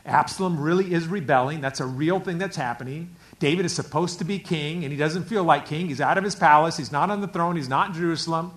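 A pastor preaching a sermon, dropping to hushed whispers and rising to loud, emphatic preaching. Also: male voice, fairly high pitch, quick pace, hardly any pauses.

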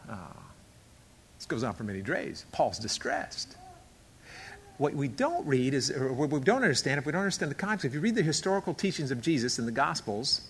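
A male pastor preaching a sermon emphatically. He acts out quotes and swings between hushed and loud delivery. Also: a little high, breathy edge.

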